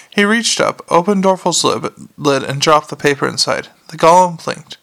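A man narrating a novel aloud in a steady reading voice, with small slips and restarts. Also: on the high side, moderate pace, gravelly, few pauses. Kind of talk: amateur audiobook reading.

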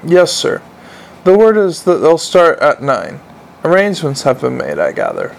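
A man's voice: fairly high pitch, huge pitch swings, normal speed, creaky, exaggerated voice, poor audio. A man voicing an earnest, dutiful young watch captain who speaks politely.

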